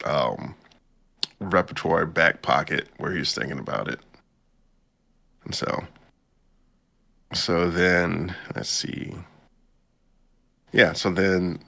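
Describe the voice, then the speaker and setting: A man's voice: low-pitched, bright, forceful tone. A man hosting a podcast, casually recapping an anime episode in a laid-back, slangy way and acting out the characters' lines. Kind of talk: casual chat.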